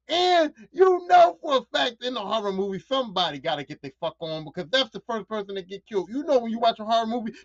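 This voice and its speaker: Woman podcaster for a solo rant: animated, profane, repeats lines for punch, dull dry lo-fi sound. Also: fairly high pitch, dry recording. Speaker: podcast host.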